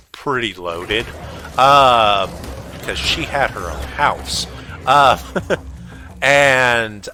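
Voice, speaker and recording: A man's voice: medium pitch, sharp tone, slight background noise. A man hosting a gaming channel, telling rambling, self-deprecating stories in a casual way, with many ums and uhs. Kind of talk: casual storytelling over gameplay.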